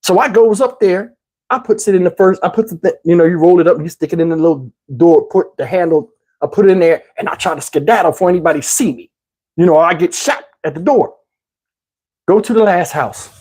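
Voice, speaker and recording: Husky middle-aged man telling a story. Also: high-pitched, a little fast. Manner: animated, streetwise, constant "you know what I'm saying" asides. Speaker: YouTube storyteller. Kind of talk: casual storytelling.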